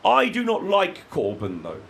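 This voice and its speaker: A man from the UK doing a live stand-up set, crude and sardonic, breaking into shouted rants. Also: high-pitched, huge pitch swings, a little slow, gravelly, low-quality recording. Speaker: stand-up comedian. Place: comedy venue with live audience.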